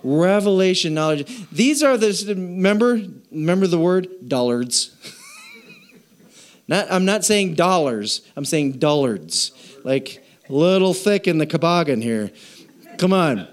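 A man's voice: sits high, expressive, a little slow. A man preaching a sermon as pastor, playful, repeating phrases to draw responses from the congregation.

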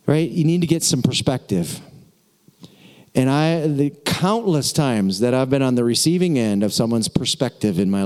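Guy preaching, talks right at the people, goes quiet n low when praying, mellow tone, big echoey hall. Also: clear, resonant tone. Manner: conversational, speaks straight to the congregation; drops to a soft, low voice in prayerful moments. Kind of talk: sermon. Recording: long hall reverb.

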